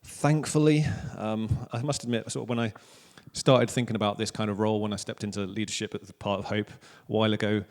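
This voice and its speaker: A man in his thirties with a Welsh accent, preaching a relaxed sermon with jokes at his own expense. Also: on the low side, fairly quick, hardly any pauses. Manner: casual, joking, self-deprecating preaching. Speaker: pastor. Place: church hall. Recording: long church hall reverb.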